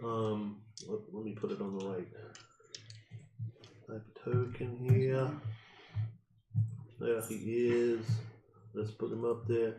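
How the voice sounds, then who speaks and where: A man narrating a tabletop game as game master, unhurried and full of fillers. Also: on the low side, steady tone, mellow, reverberant, a little hiss or hum, rough recording.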